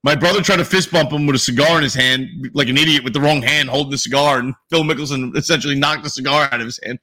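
A man's voice: mid-range voice, fairly even intonation, fast talker, pushed and bright. A man co-hosting a sports podcast, talking casually and animatedly, swearing freely. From New York area. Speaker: podcast co-host.

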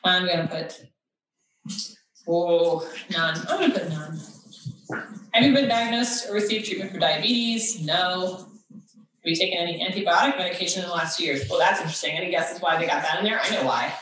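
A woman hosts in a casual, chatty way, reading quiz questions aloud and tossing in sarcastic asides. Her voice is fairly low, a little bright, and moves at a moderate pace. The recording sounds echoey, with her somewhat distant from the mic.

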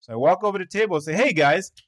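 A man's voice: high-pitched, lively intonation, very fast. A man, a pastor, telling a personal story in a conversational, self-deprecating way, often checking in with his listener.

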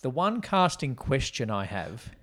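A man's voice: mid-range voice, very animated, measured pace, fairly bright tone. A man co-hosting a casual film podcast, thinking aloud in a rambling way with plenty of ums. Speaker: podcast co-host. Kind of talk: casual film-review chat.

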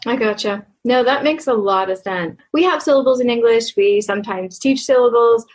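A woman's voice: a little high, normal speed, breathy edge. A woman hosting a podcast, asking questions and giving attentive backchannels. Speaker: podcast host. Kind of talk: interview.

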